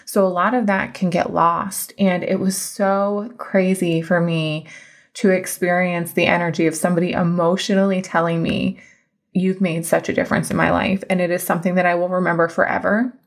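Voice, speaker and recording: Gravelly-voiced woman podcast host. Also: lowish voice, flat delivery, normal speed. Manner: chatty, emphatic, heartfelt. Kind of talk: casual storytelling monologue.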